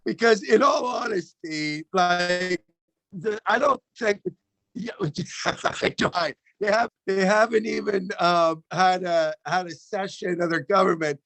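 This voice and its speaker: A man's voice: high-pitched, slow pace, gravelly, fairly bright tone, no echo. A man co-hosting a call-in show, chatting loosely and comically, swearing and laughing as he goes. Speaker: comedian co-host. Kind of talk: casual comedic chat.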